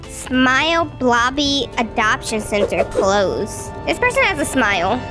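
Excitable high-voiced woman gaming host. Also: a little slow, hardly any pauses, loud music behind the voice. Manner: excitable, shrieks when scared. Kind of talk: game commentary.

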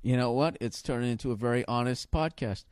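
A man hosting a podcast, telling a comic story in a profane, animated way. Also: mid-range voice, fairly quick, clean tone, no echo, clean studio sound. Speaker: podcast host. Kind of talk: comedic podcast rant.

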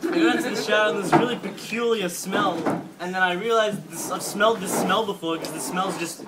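A young man telling a funny story in a casual, animated way, laughing often and swearing freely. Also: high-pitched, brisk. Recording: distant mic, loud background noise.

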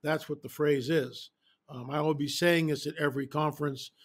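Animated man telling stories in an interview. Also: a little high, normal speed. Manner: animated, emphatic, repeats phrases for effect. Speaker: guest. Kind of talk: casual interview storytelling.

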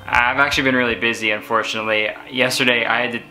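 A man's voice: medium pitch, flat delivery, very fast, sharp tone, faint music behind, rough recording. A man playing a flustered young fan who stammers through rambling excuses in a comedy skit.

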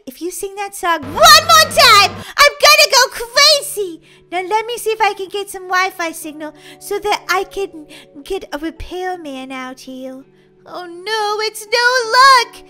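A woman role-playing in a game, excitable and dramatic, giggling and crying out in playful panic. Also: extremely high pitch.

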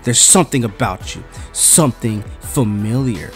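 A man's voice: medium pitch, expressive, moderate pace, faint music behind, natural voice. A man voicing a cocky, scheming male demon who talks in a sly, mocking way. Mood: sly, sneering.

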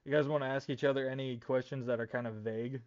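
A man's voice: mid-range voice, fairly even intonation, quick pace, muffled recording, heavy background noise. A man running a tabletop role-play session as game master, casual and self-deprecating.

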